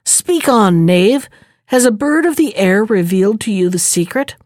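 A woman voicing an old, hot-tempered male king who talks impatiently and shouts orders. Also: mid-range voice, expressive, unhurried, no room sound, clean studio sound, natural voice.

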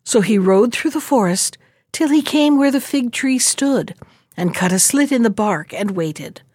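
A woman's voice: a little high, no room sound, clean studio sound. Woman reading a fairy tale. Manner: measured, expressive. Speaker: storyteller.

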